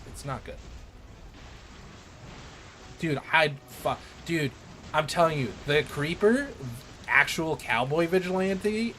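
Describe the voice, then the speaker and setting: A man streaming a game, chatting casually in an excitable, rambling way and swearing freely. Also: mid-range voice, noisy background. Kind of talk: casual chat while gaming.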